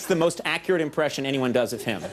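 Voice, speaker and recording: A man in his forties hosting a late-night show, delivering a quick, self-mocking comedy monologue with shouty outbursts on a studio stage. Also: mid-range voice, animated, very noisy. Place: television studio stage before live audience. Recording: VHS archive broadcast with loud audience.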